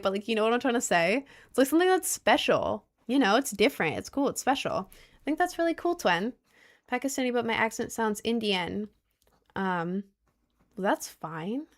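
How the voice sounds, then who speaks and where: A young woman talks to her stream chat in a loose, rambling way, circling back on her words and stacking fillers. Her speech is slangy and emphatic, and she now and then stumbles over a word before pressing on. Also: mid-range voice. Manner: rambling, heavy on fillers and repeats; fumbles and stutters over words. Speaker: livestreamer reading chat.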